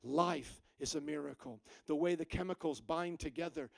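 A man preaching a sermon, animated and full of rhetorical questions to the congregation. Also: fairly high pitch, moderate pace, creaky, no room sound. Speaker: pastor.

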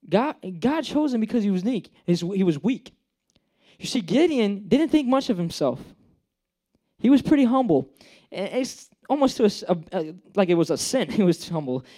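A man's voice: sits high, big pitch swings, moderate pace, dark tone. A young man giving a casual, joking sermon, acting out the characters he talks about. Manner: chatty, joking, acts out characters. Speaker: preacher.

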